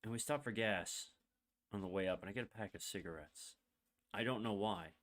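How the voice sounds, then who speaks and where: Young man, low voice, rambling candid story, full of fillers, choked up. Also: fairly quick, fairly bright tone. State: emotional, holding back tears. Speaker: podcast host. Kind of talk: personal storytelling monologue.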